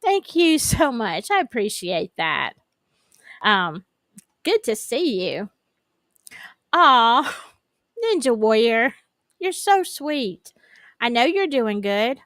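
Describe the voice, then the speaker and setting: A woman's voice: fairly high pitch, sing-song, takes it slowly, no echo. Southern lady rambling on her livestream, voice bouncing all over, dry close mic. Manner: chatty, rambling, greets viewers by name. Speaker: true-crime livestream host. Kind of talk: casual livestream chat.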